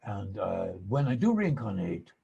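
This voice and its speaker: A sly, gentle elderly monk who speaks in halting broken English, pausing often with "uh", as an English man puts him on. The voice sits low and soft, with a heavy gravelly rasp. It has a husky edge. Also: sing-song, lo-fi sound, exaggerated voice. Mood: sly, musing.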